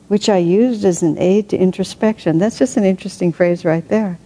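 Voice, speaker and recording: A woman reading aloud from a spiritual book and adding her own reflective commentary, thinking aloud with soft laughs. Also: medium pitch, brisk, low-quality recording.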